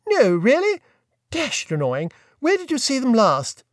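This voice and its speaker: Casting: narrator as a breezy upper-class young gent, bright and bouncy, lively lilt. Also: male voice, very high voice, a little slow, dry recording, studio quality, voice pushed up, heavily acted. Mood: chirpy. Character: affable, bumbling young gentleman, chirpy and clueless.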